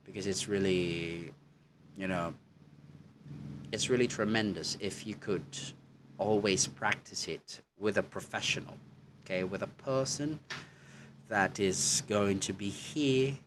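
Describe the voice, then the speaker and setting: A man with a very low, deep voice gives an English lesson at an unhurried pace. He is encouraging and chatty and peppers his talk with "okay" and "you know". A faint hum sits behind him. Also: fairly bright tone. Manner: encouraging, coaching tone. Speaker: English teacher. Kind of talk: online lesson.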